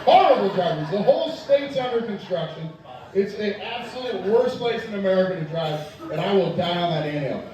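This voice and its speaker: A man doing loud profane stand-up, echoey and distant. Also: high-pitched, animated, brisk. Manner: profane, loud storytelling, crowd work. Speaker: stand-up comedian. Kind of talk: stand-up comedy set. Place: tavern stage. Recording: echoey room from far off.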